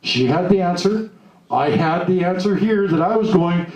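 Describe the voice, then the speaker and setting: A man's voice: high voice, lively intonation, normal speed, darkish tone, distant mic. A man giving an emphatic motivational seminar talk to a live audience, acting out the voices he quotes. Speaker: seminar speaker. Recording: echoey room, voice off-mic, faint hiss.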